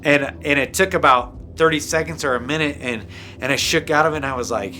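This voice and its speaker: A man telling an emotional personal testimony, rambling and intense, full of restarts and "like", sometimes sinking to a hushed low voice. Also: brisk, soft background music. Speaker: guest sharing a personal testimony.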